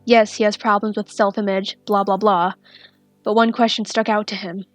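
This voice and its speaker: Woman reading a fanfic aloud, steady and soft, quiet music behind. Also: medium pitch, normal speed. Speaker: fanfiction reader. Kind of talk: storybook narration.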